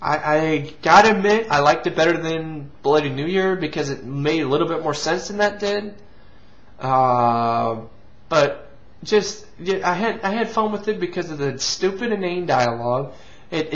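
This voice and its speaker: A man's voice: on the high side, lively intonation, a little slow. A man hosting a casual movie review, rambling with restarts and casual swearing. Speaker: movie reviewer and show host. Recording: lo-fi, dull sound.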